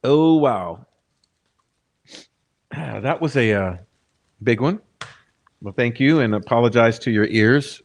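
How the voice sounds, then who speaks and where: A man's voice: medium pitch, slow, pauses often. Casual man chatting to his stream. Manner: casual, chatty asides to the chat. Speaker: channel host. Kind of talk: live-stream commentary on court testimony.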